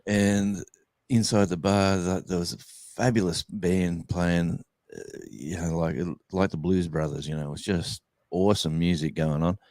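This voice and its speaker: A low-voiced Australian man rambles through an anecdote in relaxed chat. His sound is dry and close, with no room around it. He stops, restarts and fills gaps with ums as he goes. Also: moderate pace, dry recording. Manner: rambling, many fillers and restarts. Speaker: guest musician. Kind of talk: casual storytelling chat.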